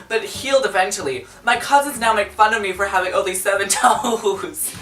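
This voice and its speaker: Lively, bright-voiced woman hosting a chat. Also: mid-range voice, fairly quick, hardly any pauses. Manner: animated and dramatic, with gasps and bursts of outrage. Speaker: host. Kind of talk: casual chat with a guest. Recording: roomy echo, distant mic, faint music.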